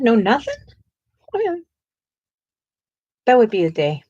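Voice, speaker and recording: A woman's voice: a little high, wildly swooping pitch, a little slow, dark tone, breathy edge, dry recording, highs cut off. A woman co-hosting a live coloring stream in casual chat, asking viewers questions and laughing often.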